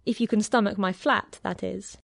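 A cheeky young neighbor with tattoos, light and teasing in his talk, voiced by a woman reading a story aloud. The lines come with easy mischief at a middling pitch. The room is dry and close. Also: fairly even intonation, moderate pace, creaky, no room sound. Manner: playful, teasing. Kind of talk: audiobook character reading.

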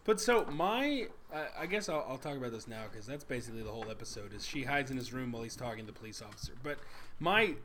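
A man co-hosting a podcast, retelling scenes and quoting characters in an animated way. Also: medium pitch, fast, crowd noise. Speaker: podcast co-host. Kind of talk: casual chat.

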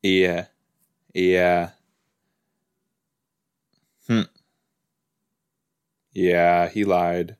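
A man with a lowish voice gives casual watch-along commentary on a podcast. He talks slowly and loosely, padding his thoughts with "like" and "you know". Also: little pitch movement, smooth. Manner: chatty, rambling, lots of "like" and "you know". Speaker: podcast host.

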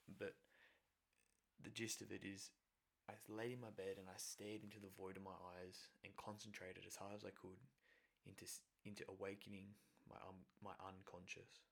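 Low gravelly man telling a story. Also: a bit bright. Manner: rambling, filler-heavy, self-correcting. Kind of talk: casual personal storytelling.

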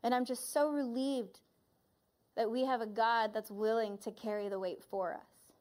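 A woman's voice: a little high, fairly even intonation, normal speed, a little mellow. A woman church leader preaching a sermon, earnestly retelling a vision and reflecting on it.

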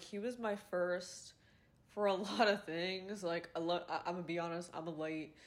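A young woman hosting a podcast, telling a personal dating story in a casual confessional way, swearing and fighting back tears. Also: lowish voice. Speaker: podcast host.

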